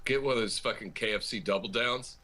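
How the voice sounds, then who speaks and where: A man co-hosting a podcast, making mocking, deadpan jokes in casual chat. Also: lowish voice, fairly quick. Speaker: podcast co-host.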